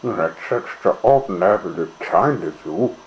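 A man voicing a clumsy, cheerful little storybook man who yelps a shrill, startled "What?". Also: expressive, slow pace, slight background noise, poor audio.

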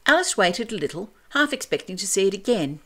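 A woman reading a classic children's story aloud in a clear, measured, expressive way. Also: mid-range voice.

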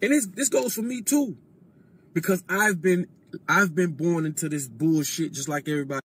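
A man speaking as a guest on a casual podcast, lecturing in a deliberate way and often dropping his voice low. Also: fairly bright tone, breathy edge.

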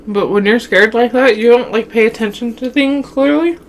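A woman's voice: a little high, normal speed. Young woman from Wyoming, casual vlogger voice, chatty storyteller who laughs a lot, faint hiss in the recording. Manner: chatty, addresses viewers as y'all, laughs often. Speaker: mukbang vlogger.

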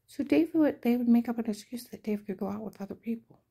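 A woman's voice: a little high, fast talker, gravelly, warm tone, breathy edge. A middle-aged woman telling a rambling personal story in an aggrieved, indignant way. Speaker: vlogger.

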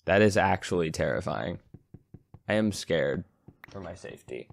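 A man's voice: sits low, animated, moderate pace, creaky, a little hiss or hum. A young man playing a scary video game, frightened and jittery, often repeating his pleas. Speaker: gamer streamer. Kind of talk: let's play commentary.

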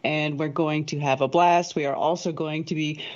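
Female co-host with a lowish voice, upbeat, heard over a muffled remote line. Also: fairly even intonation, normal speed, a little mellow. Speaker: co-host and event organizer. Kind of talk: casual chat.

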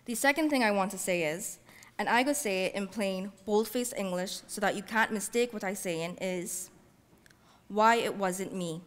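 A woman author reading her fiction aloud in a measured, heartfelt first-person voice, using Caribbean-English dialect. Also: medium pitch. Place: library event space. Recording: long reverb from a large hall.

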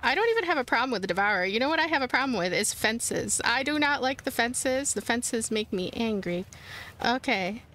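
A woman's voice: on the high side, animated, a little fast, pushed and bright. A woman playing a horror game, chatting casually to her viewers and shrieking and giggling when startled. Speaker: let's play host. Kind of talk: casual gameplay commentary.

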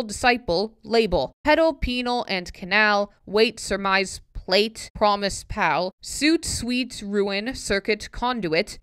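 Woman vlogger, slow careful reading, very clear crisp voice, dry close sound, puzzled self-mocking asides. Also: medium pitch, fairly bright tone, dry recording. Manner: puzzled, self-mocking asides between tongue-twister words. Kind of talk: casual reading aloud with asides.

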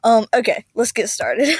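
Young female game vlogger, high voice, rambling ums, dry close mic. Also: very animated, a little slow, a little mellow, slightly rough, no echo. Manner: chatty, many ums and likes. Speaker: game video host. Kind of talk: casual gameplay narration.

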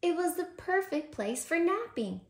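A woman who teaches preschool, reading a children's bedtime story aloud in a gentle, expressive way. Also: very high voice, normal speed. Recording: roomy echo.

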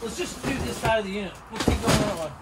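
A man hosting a storage unit vlog, talking loudly and excitedly to his viewers as he digs through boxes. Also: high voice, fast, over a noisy crowd. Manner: loud, excitable, talks to viewers. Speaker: storage unit reseller host. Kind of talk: excited casual vlog chat. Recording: loud background noise.

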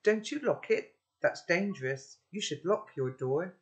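A man's voice: sits high, animated, measured pace. Man doing a cocky, offhand boy. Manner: offhand, blunt, teasing. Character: cocky rooftop boy, wary and blunt.

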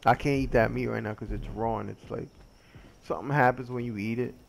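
A man's voice: mid-range voice, a little fast, gravelly, slight background noise. A man giving casual, rambling commentary while playing a survival game, joking at his own expense and yelping when something attacks him. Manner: rambling, joking, easily sidetracked; excitable, yelps when attacked.

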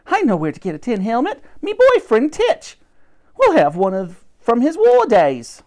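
A man voicing a jumpy, easily flustered cleaning woman in a high, loud voice. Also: huge pitch swings, a little slow, exaggerated voice. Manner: shrill, breathless, overexcited. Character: excitable, timid cleaning woman.

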